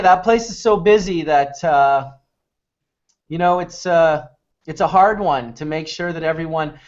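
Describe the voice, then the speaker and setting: A man's voice: fairly high pitch, a little slow. A man hosting a casual video chat, talking in a laid-back, rambling way with many fillers. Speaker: host. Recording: muffled lo-fi web stream.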